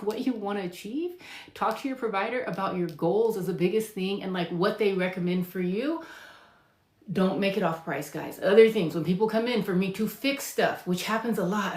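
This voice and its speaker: In an echoey room, a woman nurse practitioner fields viewer questions live at a moderate pace, her mid-range voice somewhat dark. Her delivery is chatty and emphatic, full of fillers, and she acts out lines from patients.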